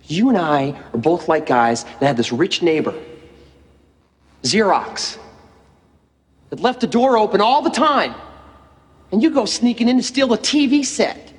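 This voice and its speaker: An actor playing a smug young software tycoon who mocks and gloats at his rival in a film drama. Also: high-pitched, expressive, a little slow, long pauses, long reverb tail. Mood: gloating. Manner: mocking, gloating, shouts in taunts.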